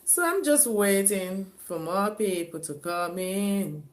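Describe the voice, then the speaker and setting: A woman's voice: medium pitch, animated, slow. A woman chatting casually on her own live stream, repeating herself and often laughing and sighing. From Africa.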